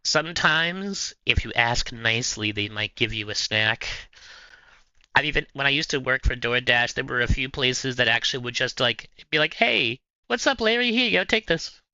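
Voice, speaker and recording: A man's voice: mid-range voice, moderate pace, sharp tone, clean tone, no echo, highs cut off. A man hosting a livestream, casually chatting with viewers in a playful, rambling way. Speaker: livestream host. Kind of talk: casual chat answering viewers.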